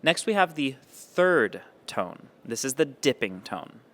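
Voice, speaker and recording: A man's voice: mid-range voice, very animated, takes it slowly, fairly bright tone. A man teaching Mandarin tones, explaining patiently and demonstrating each sound. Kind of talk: explaining with spoken examples.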